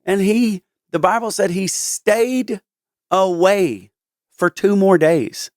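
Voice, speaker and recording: A man with a high voice speaks slowly and earnestly as he retells a Bible story on a podcast. He stumbles and restarts phrases as he goes. The sound is close and dry. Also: no echo. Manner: earnest, halting, with frequent restarts. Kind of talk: casual Bible discussion.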